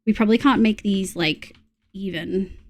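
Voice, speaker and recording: A young Australian woman streamer chats casually to viewers while playing a game, muttering to herself and swearing when things annoy her. Her voice is medium-pitched and she speaks at normal speed.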